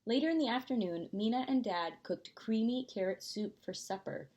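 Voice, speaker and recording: A woman, a preschool teacher, reading a picture book aloud in a gentle storytime voice. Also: a little high, animated, moderate pace.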